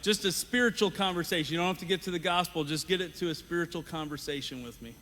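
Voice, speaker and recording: A man's voice: on the high side, fast, bright, forceful tone. A man hosting a teaching game on a conference stage, upbeat, casual and encouraging. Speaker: game host. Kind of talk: live teaching demo. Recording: reverberant hall, faint noise.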